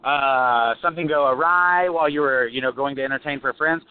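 A man hosting a radio talk show, asking questions in a relaxed, expressive way and laughing easily. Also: mid-range voice, a little fast. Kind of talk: casual radio interview. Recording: tinny dry phone-like sound.

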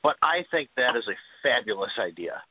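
A man's voice: mid-range voice, very animated, fairly quick, dry recording. A man co-hosting a radio talk show, joking with a dry, sarcastic edge. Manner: wry, sarcastic jokes. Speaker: radio co-host. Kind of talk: casual radio banter. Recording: phone-like radio audio.

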